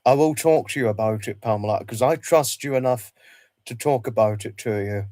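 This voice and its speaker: A man speaks on a casual livestream in a middle-pitched voice, talking haltingly, circling back and repeating phrases as he gropes for words. The sound is dry and close, with no room around it. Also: darkish tone, no room sound. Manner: halting, repeats himself, many restarts. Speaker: livestream host.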